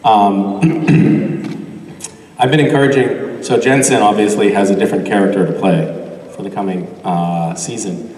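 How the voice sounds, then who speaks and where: A man's voice: on the low side, steady tone, unhurried, a little mellow, far from the mic. A man answering fan questions on a convention panel, rambling and self-deprecating, laughing often. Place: large convention hall. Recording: echoey convention hall, mic picked up from afar.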